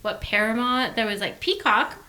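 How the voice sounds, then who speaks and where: High teasing woman in a roomy space. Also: normal speed, bright, forceful tone. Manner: giggly, teasing. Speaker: podcast co-host. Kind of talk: casual chat among friends. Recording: roomy with background noise.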